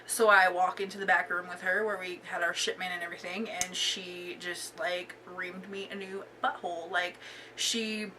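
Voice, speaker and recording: A woman's voice: fairly low pitch, flat delivery, moderate pace, far from the mic, background noise. A young woman vlogger telling a casual storytime, chatty and full of filler words.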